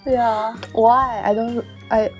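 A woman's voice: on the high side, flat delivery, slow, soft background music. A woman whose first language is Chinese, co-hosting a podcast in English, chatting casually and thinking aloud. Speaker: podcast co-host. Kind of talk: casual chat in a second language.

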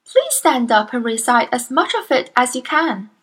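Brief: woman voicing a gentle young teacher, measured and warm-hearted, high voice with a breathy edge. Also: very animated, full character voice. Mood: encouraging. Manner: encouraging, measured. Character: kind young woman schoolteacher, gentle but astonished. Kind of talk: storybook reading.

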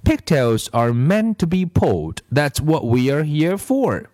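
A man's voice: a little high, big pitch swings, unhurried, darkish tone, dry recording, clean studio sound, voice pushed up. A man voicing a sly talking pigtail in a storybook reading, with a whiny, coaxing manner.

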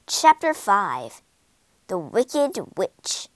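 A woman reading a storybook aloud slowly and clearly for English learners, with expressive delivery. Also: a little high, dry recording.

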